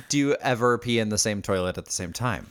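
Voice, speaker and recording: Male podcast co-host; average pitch; dry, teasing delivery. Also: pushed and bright. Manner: wry, teasing, crude humor. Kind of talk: casual chat.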